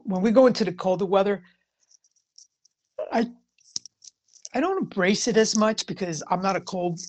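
Chatty woman, slightly low voice. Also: darkish tone. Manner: chatty and rambling, frequent "you know" fillers. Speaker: tarot reader. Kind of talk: casual spiritual talk to viewers.

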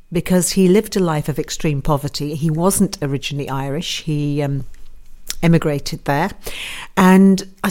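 A woman's voice: sits low, darkish tone. A woman hosting a live online radio show, chatting in a rambling, self-deprecating way as she greets listeners. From United Kingdom. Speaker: radio host and psychic advisor. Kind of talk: casual live radio chat.

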